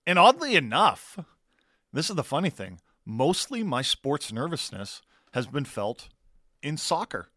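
A man's voice: on the high side, very animated, a little slow, pushed and bright, dry recording, studio quality. A man co-hosting a sports radio show, talking in a reflective, rambling way. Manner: reflective, rambling, with fillers and restarts. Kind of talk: casual radio chat. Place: radio studio.

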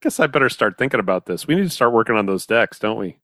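A man co-hosting a podcast in casual chat, joking and quick with wisecracks. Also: lowish voice, expressive, fairly bright tone, no echo, clean studio sound. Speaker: podcast co-host.

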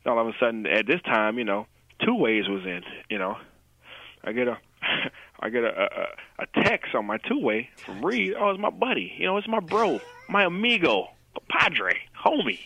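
A man, a guest, telling a story with animated quoted dialogue and lots of "you know" fillers. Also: mid-range voice, normal speed, creaky, slightly rough, dry recording, dull audio.

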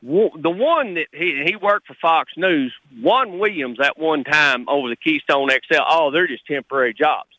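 A man's voice: on the high side, animated, normal speed, few pauses, bright, forceful tone, no room sound, low-quality recording. A middle-aged man from Texas, calling in to a radio show and talking heatedly and bluntly like a working man. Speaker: caller. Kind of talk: call-in radio.

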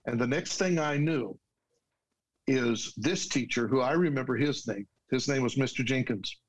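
A man's voice: medium pitch, normal speed, rough recording. Earnest man telling his story. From United States. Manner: earnest and heartfelt, with restarts and the odd laugh. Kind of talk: personal storytelling.

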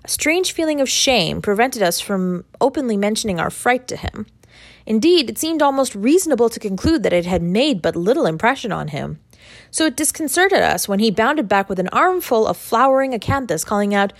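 A woman narrating a classic short story in a measured first-person telling. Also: on the high side, no room sound. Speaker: audiobook reader.

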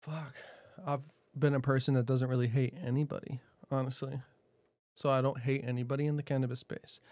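A man's voice: medium pitch, a little mellow, dry recording. A man who hosts a podcast, answering interview questions in a blunt, profane, laid-back way and laughing often. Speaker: podcast host.

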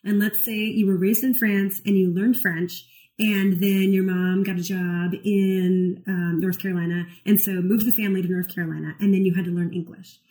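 A woman co-hosts a relaxed conversation, explaining an idea in an animated way. She counsels clients and leans on fillers like "like" and "you know." Her voice sits at an ordinary middle pitch. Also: normal speed, poor audio. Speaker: therapist and podcast co-host. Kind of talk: casual conversational chat.

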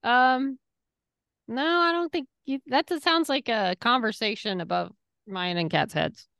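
A woman's voice: fairly high pitch, gravelly, clean tone, no room sound. Chatty woman podcast co-host, dry sound. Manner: animated, chatty, quick to laugh. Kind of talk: casual chat and reading listener mail.

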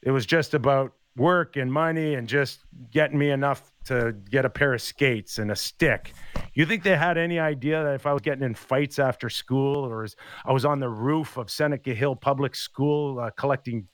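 A man's voice: medium pitch, normal speed. A man in his fifties, a former hockey player, telling stories in a casual chat and acting out the quotes. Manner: animated storyteller acting out quotes.

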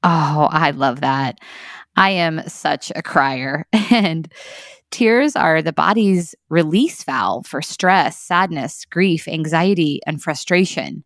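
A woman in her forties hosting a daily encouragement talk, speaking gently and earnestly, with easy laughs. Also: deep voice, slow, dry recording, studio quality. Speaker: podcast host.

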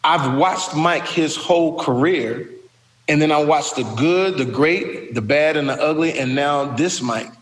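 A middle-aged man with a fairly high voice tells animated, profane stories as a guest and keeps slipping into other people's voices. His speech carries a long, roomy reverb. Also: unhurried. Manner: lively, profane, does voices. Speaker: actor and comedian guest. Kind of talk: animated storytelling.

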